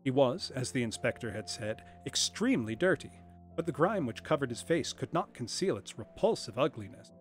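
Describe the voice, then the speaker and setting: Expressive male storyteller over soft music. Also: mid-range voice. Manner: expressive, measured reading. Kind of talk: reading a classic story aloud on a livestream.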